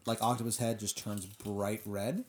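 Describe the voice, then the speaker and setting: A man's voice: lowish voice, level tone, moderate pace, a little hiss or hum. A man narrating an improvised comedy scenario in a loose way, often laughing and filling with "like". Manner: loose, laughing, full of filler. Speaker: game-style storyteller.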